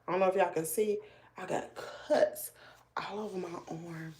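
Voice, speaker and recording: A woman, telling a story to her viewers in a chatty, animated way with lots of asides. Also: on the low side, normal speed. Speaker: family vlogger.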